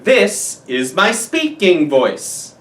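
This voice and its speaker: A woman's voice: fairly low pitch, very animated, extremely slow. A woman teaching children a music lesson, patient and guiding them to repeat after her. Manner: patient, demonstrates each voice type. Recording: roomy room from a distance.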